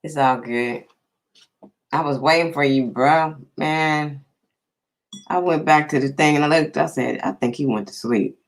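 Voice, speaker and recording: A man's voice: medium pitch, moderate pace, rough recording. A man hosting a casual live stream, chatting easily and greeting viewers by name.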